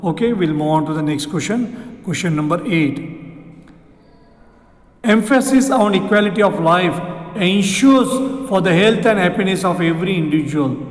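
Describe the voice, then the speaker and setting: A man with an Indian English accent, teaching exam grammar, who repeats sentences slowly and asks rhetorical questions. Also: high-pitched. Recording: echoey room with long reverb.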